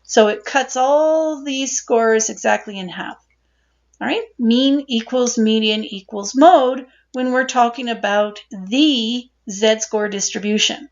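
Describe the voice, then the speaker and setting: A woman with a fairly high voice lectures on statistics in a patient, explanatory way, often checking in with her listeners. The recording sounds dull and lo-fi. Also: a little slow. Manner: explanatory, asks "right?" and repeats points. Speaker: statistics instructor.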